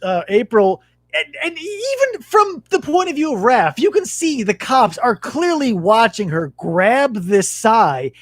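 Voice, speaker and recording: A podcast host in his thirties speaks unhurriedly in an extremely high-pitched voice, recorded dry. He tells animated stories during a casual chat with lots of profanity.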